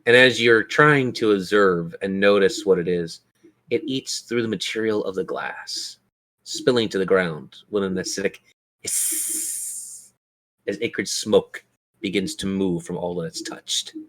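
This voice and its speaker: A low-pitched man runs a tabletop game as its game master. He narrates scenes dramatically and describes events, speeding up and slowing down as he goes. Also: a bit bright.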